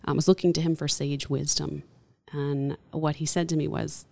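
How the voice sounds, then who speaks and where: A woman hospital chaplain speaking as an interview guest, gentle and earnest, often restarting phrases. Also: sits low, level tone, normal speed, vocal fry. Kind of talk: reflective interview talk.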